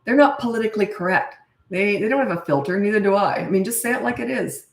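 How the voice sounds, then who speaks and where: A middle-aged woman answers viewers' parenting questions in a chatty, straight-talking way, often restarting her sentences. Her voice is mid-pitched. It bounces around an echoey room, and she sits back from the microphone. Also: lively intonation, fast, gravelly, recorded from a distance. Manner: blunt and frank, chatty with restarts. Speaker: parenting coach.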